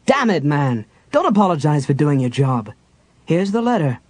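A man's voice: on the high side, sing-song, moderate pace, no room sound. Male reader voicing a curt half-elf warrior in an audiobook, slightly raised and direct. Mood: impatient. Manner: brusque, direct. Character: impatient, brusque half-elven male hero.

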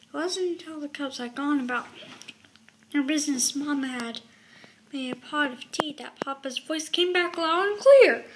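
A woman reading a picture book aloud in a slow, halting way, with restarts. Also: sits high, fairly bright tone, slight background noise. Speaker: reader.

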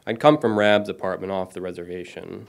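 Man, thirties, author reading aloud, lowish pitch, apologetic asides. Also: a little fast, gravelly. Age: 30s. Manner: self-deprecating, apologetic asides between steady reading. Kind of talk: reading his own short story at a lecture.

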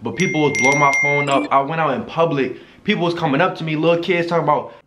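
A man giving casual reaction commentary, animated, slangy and joking. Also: on the high side, quick pace, very noisy. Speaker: YouTuber reacting to a video.

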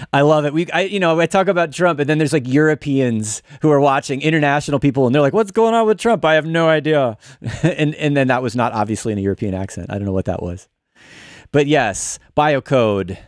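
A man's voice: mid-range voice, a little fast, no echo. A man hosting a casual livestream in a New York studio, thinking aloud with restarts as he demonstrates music production. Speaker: music production instructor and show host.

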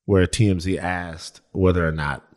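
Male podcast co-host, low voice, playful casual banter. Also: steady tone, normal speed. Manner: playful, sings his own jingles loudly. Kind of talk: casual chat.

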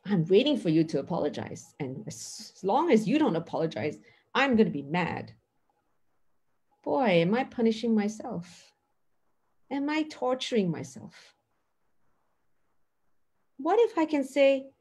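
A middle-aged woman giving an earnest mindfulness teaching talk, acting out dialogues with lively emphasis. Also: a little high, a little slow, pauses often, breathy edge.

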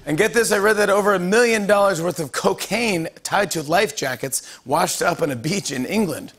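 A hoarse man who has lost his voice, hosting a late-night show and delivering a playful comedy monologue with banter. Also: high-pitched, moderate pace, a bit bright, faint music behind. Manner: playful, laughing at own jokes.

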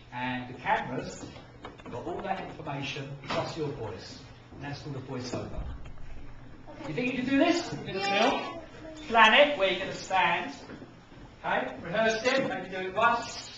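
A man's voice: a little high, big pitch swings, unhurried, long pauses. Upbeat man teaching in an echoey hall. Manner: upbeat, encouraging, demonstrates with acted examples. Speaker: museum educator. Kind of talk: teaching young children. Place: large museum hall. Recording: echoey, distant, muffled, noisy.

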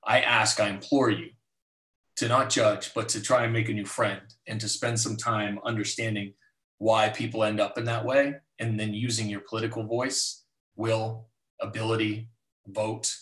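A man telling a personal story as guest speaker in a live online talk, lively and acting out others. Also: fairly low pitch, normal speed, echoey room, distant mic. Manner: animated storyteller, voices others in his anecdotes.

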